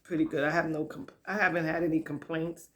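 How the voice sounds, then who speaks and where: A woman's voice: deep voice, flat delivery, fast, a little hiss or hum. A middle-aged woman chatting casually while she cooks in her home kitchen, laughing often and talking straight to her viewers. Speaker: home cook vlogger. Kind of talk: casual cooking chat.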